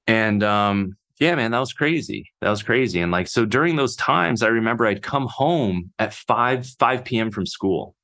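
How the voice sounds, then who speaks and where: A man telling his own life story off the cuff, halting and full of fillers, swearing casually. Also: lowish voice, sharp tone. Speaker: podcast host. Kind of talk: unscripted personal storytelling.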